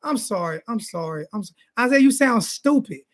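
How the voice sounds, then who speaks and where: A man with a high voice rants fired-up about football, repeating himself and calling people names. He speaks in a casual, heated sports-talk style. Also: lively intonation, normal speed. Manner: repetitive, insulting, fired-up ranting. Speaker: sports talk show host.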